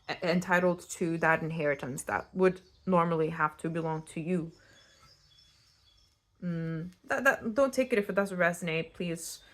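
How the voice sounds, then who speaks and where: A young woman from Eastern Europe giving a casual pick-a-card tarot reading, chatty and animated and prone to tangents. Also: lowish voice. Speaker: tarot reader.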